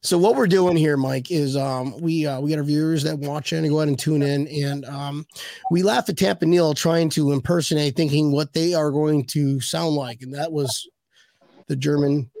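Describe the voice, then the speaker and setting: A man's voice: on the high side, steady tone, normal speed, vocal fry, a little mellow, no echo. A man hosting a casual video-call chat show, telling rambling joking stories. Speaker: podcast host.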